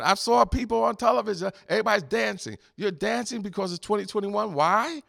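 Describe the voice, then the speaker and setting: A man's voice: sits high, a little fast, creaky, a bit bright. A man preaching a sermon to his congregation, asking rhetorical questions and repeating refrains. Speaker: pastor.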